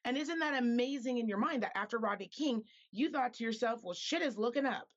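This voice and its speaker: A woman's voice: on the high side, lively intonation, a little fast. Impassioned woman guest, muffled audio. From Reno, Nevada, US. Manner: impassioned, emphatic and repetitive. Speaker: podcaster guest. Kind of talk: earnest conversation.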